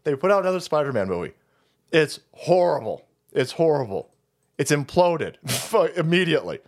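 A man's voice: a little high, sing-song, moderate pace. A man hosting a livestream, delivering a heated, profane and mocking political rant. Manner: foul-mouthed, mocking, heated ranting. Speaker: streamer host.

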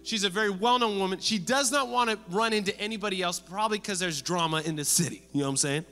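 A pastor in full sermon flow, his voice high and bright with a forceful edge. He preaches in a lively, conversational way and briefly acts out the people he quotes. His voice rings through a big reverberant church hall over soft background music. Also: fast.

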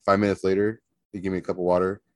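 A man telling a story on a podcast, animated and profane, often laughing. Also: deep voice, very fast, no room sound, clean studio sound. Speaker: podcast co-host. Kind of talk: casual storytelling.

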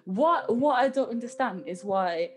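A chatty woman, co-hosting a casual podcast and talking at an easy pace. Guitar music plays clearly behind her voice. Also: fairly high pitch, expressive, unhurried. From Birmingham area, England. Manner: chatty, laughs often, many fillers. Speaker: podcast co-host. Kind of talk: casual chat.

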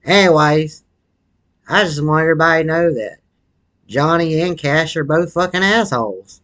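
A man's voice: fairly high pitch, normal speed, fairly bright tone, natural voice. A man voicing a crude, foul-mouthed, obese wannabe rapper in a comedy sketch monologue, rambling in a profane, slangy drawl while smoking a cigarette.

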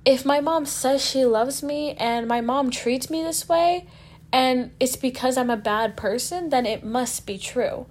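A young woman with a high voice talks through her own story in a candid, unpolished way. She speaks bluntly, drops swear words without hesitation, and leans on "like" as she searches for words. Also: unhurried. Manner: frank, profane, lots of "like" fillers. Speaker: guest sharing a personal story.

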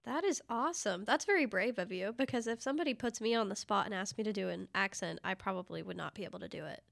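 A woman hosting an interview, upbeat and affirming, asking questions and reacting with quick agreement. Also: medium pitch, gravelly, fairly bright tone, dry recording, studio quality. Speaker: podcast host.

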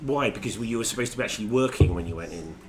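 A man's voice: fairly low pitch, expressive, very fast, slight background noise. A man hosting a podcast, teasing his co-host with prodding questions in casual chat.

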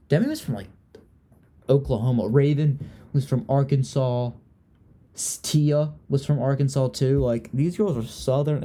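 A man's voice: medium pitch, dark tone. A young man from Virginia hosting a casual podcast, chatty and gossipy, often trailing off and restarting. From Richmond, Virginia. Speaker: podcast host. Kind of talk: casual chat.

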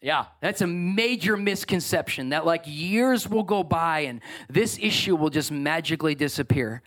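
A high-voiced man delivers a sermon from the pulpit. He preaches in an animated, emphatic way, leaning hard on each point. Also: normal speed. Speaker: pastor.

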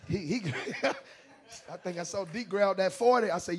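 A male pastor preaching a sermon with comic stories, animated, with stammering restarts that build into shouts. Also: sits high, moderate pace.

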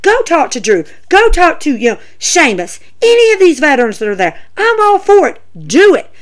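Woman on her podcast ranting about wrestling, highish voice, swings all over the place. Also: moderate pace. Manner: animated, ranting, lots of fillers. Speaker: podcast host. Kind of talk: casual wrestling commentary.

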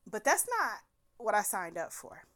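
A woman casually recounting a bad date in an animated, profane way, with laughs breaking into her telling. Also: medium pitch, normal speed. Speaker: storyteller. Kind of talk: casual storytime monologue.

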